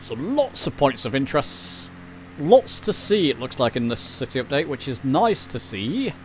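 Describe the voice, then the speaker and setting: With a mid-range, sing-song voice at a moderate pace, a man rambles casually while streaming a flight sim and reading messages from chat. Slight background noise is audible.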